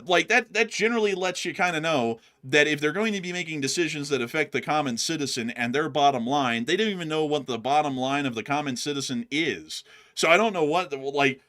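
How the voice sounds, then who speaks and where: A young man co-hosting a political live stream, animated and chatty. He keeps calling his viewers "folks." His voice is bright and forceful, with a pushing edge. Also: fairly high pitch, a little fast, hardly any pauses.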